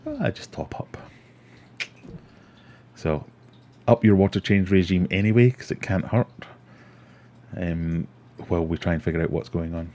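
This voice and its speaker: A middle-aged Scottish livestream host chats casually, rambling and reading viewer comments aloud. He has a low, warm voice with fairly even intonation and a moderate pace.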